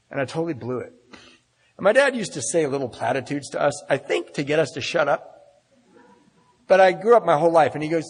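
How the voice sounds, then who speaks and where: Middle-aged man, meeting speaker, husky slightly high voice, self-deprecating storyteller, reverberant hall. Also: expressive, fast. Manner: storytelling, self-mocking humor, acts out dialogue. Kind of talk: personal recovery talk at a meeting.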